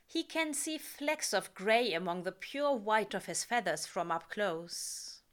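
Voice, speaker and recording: A woman reading a story aloud in a measured, calm narration. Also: mid-range voice. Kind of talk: reading fan fiction aloud.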